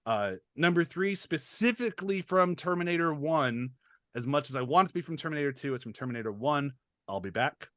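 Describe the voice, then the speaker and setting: A man's voice: on the high side, animated, fairly quick, fairly bright tone, dry recording, clean studio sound. A man co-hosting a film podcast in casual chat, enthusiastic, laughing often and swearing casually. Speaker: podcast co-host.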